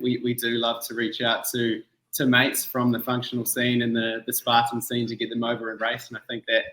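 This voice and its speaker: Easygoing guy with a kiwi-malaysian accent, bright voice, roomy echo. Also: medium pitch. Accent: mixed New Zealand and Malaysian. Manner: relaxed, laughs easily, friendly slang. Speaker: event founder guest. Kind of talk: casual video-call interview.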